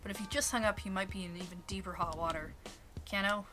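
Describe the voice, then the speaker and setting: A woman streamer reading a visual novel aloud, steady narration with asides. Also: on the low side, quick pace. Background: game music.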